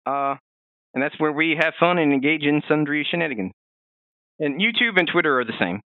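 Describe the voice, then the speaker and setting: A man co-hosting a casual podcast, chatting in an animated way with many fillers and restarts. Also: fairly high pitch, a little fast, no room sound, phone-quality sound. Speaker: podcast co-host.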